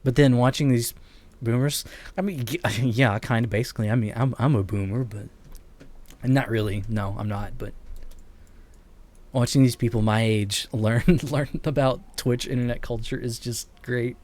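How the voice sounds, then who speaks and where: A man's voice: mid-range voice, fairly even intonation, moderate pace, darkish tone. A man in his late twenties chatting casually on a live stream while gaming, rambling and chuckling often, talking into a streaming mic in his bedroom. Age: late 20s. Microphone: streaming mic with noise gate.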